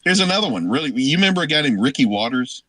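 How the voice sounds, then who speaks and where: A man on a sports radio show as a guest, telling old stories in a rambling, halting way. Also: on the high side, big pitch swings, pushed and bright, no room sound, poor audio. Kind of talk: casual chat, recruiting stories.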